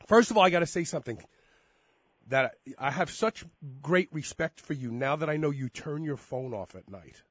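A man hosting a talk radio show, congested and sick, rambling with animated swings from quiet asides to loud emphasis. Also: fairly high pitch, moderate pace, slightly rough, dry recording. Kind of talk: casual talk radio chat.

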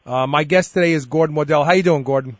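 A man's voice: fairly high pitch, quick pace, dry recording, clean studio sound. A man hosting a radio interview show, talking casually with many repeated words and fillers.

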